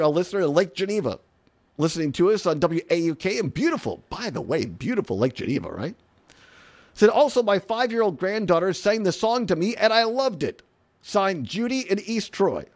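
Animated high-voiced talk radio host. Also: male voice. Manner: animated and incredulous, laughing, repeating "I mean".

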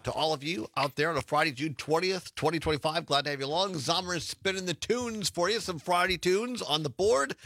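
A man's voice: fairly high pitch, fairly quick, hardly any pauses, bright, forceful tone, no room sound. A man hosting a radio talk show, chatting casually with a self-deprecating, rambling manner.

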